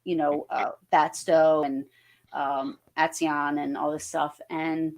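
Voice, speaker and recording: Here a deep-voiced woman speaks slowly with a flat delivery and a somewhat dark tone. She's a paranormal investigator from New Jersey, USA, guesting on a podcast and rambling through casual stories full of fillers and false starts.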